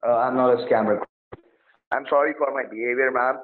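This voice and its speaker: A man's voice: medium pitch, fairly even intonation, fairly quick. A man playing a support agent on a phone call, pushy and threatening, repeating his demands over and over. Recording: tinny phone line.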